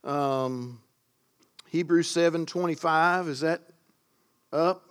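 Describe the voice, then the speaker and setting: Speaking slowly with long pauses, his voice on the high side, a preacher addresses his congregation. He hammers certain words with loud emphasis and drifts into offhand remarks.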